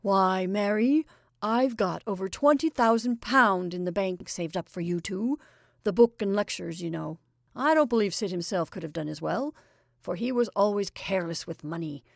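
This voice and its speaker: A woman's voice: medium pitch, moderate pace, vocal fry, no echo, clean studio sound, natural voice. A woman voicing a jolly middle-aged male stage actor who talks in an exuberant, rambling, confiding way.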